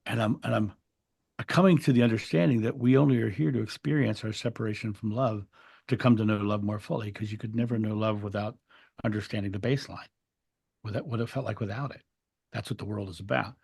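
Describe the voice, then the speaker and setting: A man's voice: lowish voice, steady tone, quick pace, creaky, a little mellow, breathy edge. A man telling a spiritual story in an interview, earnest and reflective, often restarting his words. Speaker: interview guest.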